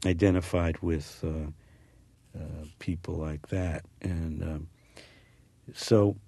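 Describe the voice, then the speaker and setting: Speaking slowly in a low, steady, dark-toned voice, this actor with a slight New Jersey accent rambles and reminisces in a casual interview, often restarting sentences. The recording is dry.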